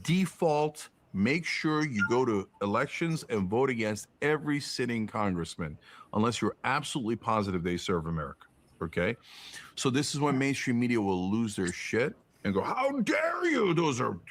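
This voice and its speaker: A man's voice: lowish voice, animated, normal speed. A man giving heated, profane political commentary as a podcast guest, firing off rhetorical questions. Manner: emphatic, profane, rhetorical questions, mocking put-on quotes.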